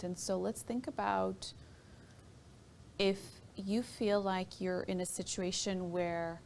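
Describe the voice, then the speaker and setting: A woman guest on a radio talk show, explaining her ideas thoughtfully and pausing to find her words. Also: on the low side, vocal fry, slight background noise. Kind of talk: reflective talk radio discussion.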